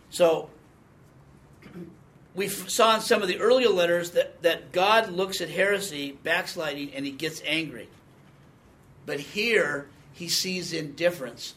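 A man's voice: a little high, a little slow, pauses often, fairly bright tone. A man in his sixties giving a conversational Bible teaching, quizzing the class and reading scripture with emphasis. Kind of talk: teaching sermon with audience questions.

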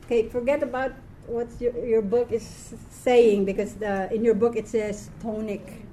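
A woman's voice: on the high side, flat delivery, unhurried, warm tone. Tired, chatty woman teaching a class. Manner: chatty, laughs often, self-correcting. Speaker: Hebrew reading teacher.

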